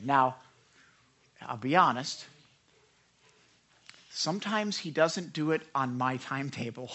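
A pastor giving a conversational sermon, earnest and repetitive, who stops to act out prayers, sometimes in a whisper and sometimes in a loud cry. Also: medium pitch.

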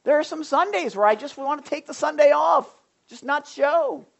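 A pastor preaching to a small group, talking straight to the people in front of him. His voice swings between loud, emphatic points and quiet asides. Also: extremely high pitch, normal speed, vocal fry, highs cut off. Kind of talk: sermon to a small Bible study group.

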